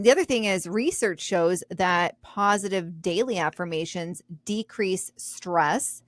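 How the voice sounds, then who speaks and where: A woman's voice: mid-range voice, no echo. A woman co-hosting a podcast, chatting casually in a bubbly way and laughing often. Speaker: podcast co-host. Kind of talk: casual chat.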